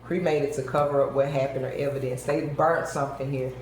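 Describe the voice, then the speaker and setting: A woman's voice: rumbling low, steady tone, a little fast, a little mellow, slight background noise. A woman giving a tarot reading to her viewers, talking emphatically and addressing them directly. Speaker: tarot reader. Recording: very echoey room.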